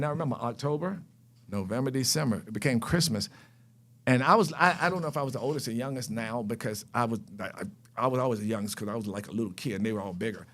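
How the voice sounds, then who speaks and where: A man from North Carolina, a podcast guest telling a life story in an animated way and acting out scenes. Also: medium pitch. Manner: animated, acts out scenes and voices. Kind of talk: storytelling chat.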